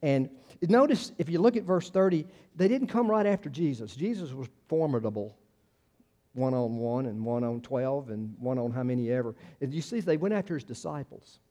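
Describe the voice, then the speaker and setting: A man's voice: medium pitch, animated, moderate pace, warm tone. A male pastor, preaching a conversational sermon full of restarts and acted-out quotes.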